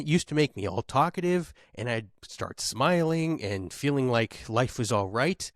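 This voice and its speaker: A man's voice: medium pitch, no room sound, studio quality. A man in his thirties hosting a podcast, doing a stand-up comedy monologue with exasperated, self-mocking rants. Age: 30s. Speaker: podcast host.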